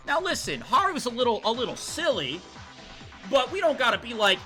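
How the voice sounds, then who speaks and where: A young man streaming a game, excitably ranting and swearing at the characters as he plays. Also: very high-pitched, fairly quick, soft background music. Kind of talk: live game playthrough commentary.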